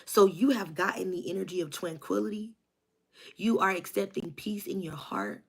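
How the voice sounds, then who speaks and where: A woman's voice: mid-range voice, moderate pace, vocal fry, slightly rough. A woman doing a spiritual tarot reading for her viewers, preaching with rhythmic repetition and a hyped, encouraging manner. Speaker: tarot reader.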